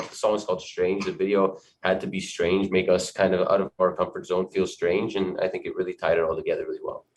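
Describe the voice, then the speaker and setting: A man's voice: low-pitched, slight background noise. A man around thirty, a band member in an interview, who answers hesitantly with many fillers and repeated words. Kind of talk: conversational interview.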